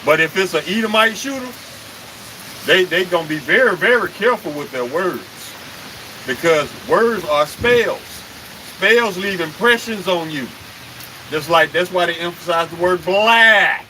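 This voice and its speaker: Bright-voiced, high-pitched fiery male preacher. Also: animated, a little slow, a little hiss or hum, poor audio. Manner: emphatic and confrontational, with rhetorical questions and cursing. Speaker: street preacher leading a live stream. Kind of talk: impassioned live-stream preaching.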